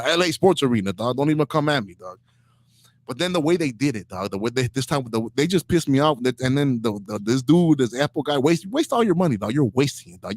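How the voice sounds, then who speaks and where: A male podcast host from Inglewood rants about sports in a heated, slang-heavy way, tossing "dog" into almost every line. His voice sits a little high for a man. The sound is close and dry. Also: dry recording. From Inglewood, Los Angeles. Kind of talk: opinionated comedic rant.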